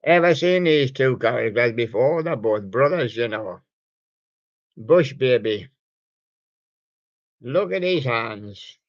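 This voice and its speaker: A man hosting a home online radio show talks slowly in a rambling, jokey way, fond of puns, as he shows off soft toys. His voice sits at a middling pitch. The recording is dry and dull, with a lo-fi home sound. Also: animated, no echo. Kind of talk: casual chat showing soft toys.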